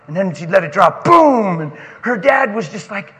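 A pastor giving an animated, emotional sermon that he breaks off to greet friends, recorded in a church sanctuary with a long reverb. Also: high-pitched, moderate pace. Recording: long reverb of a large hall.

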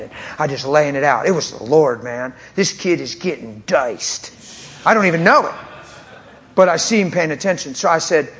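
Fervent preacher man, slightly high voice. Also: expressive, normal speed, a bit bright. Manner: emphatic, fervent, laughs while telling. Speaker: traveling preacher. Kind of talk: animated testimony storytelling.

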